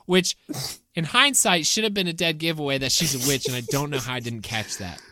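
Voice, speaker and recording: Podcast co-host with a bright, dry-miked voice; acts out quotes when retelling. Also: mid-range voice, fairly quick, no room sound. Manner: animated retelling, acting out quotes. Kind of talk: casual chat.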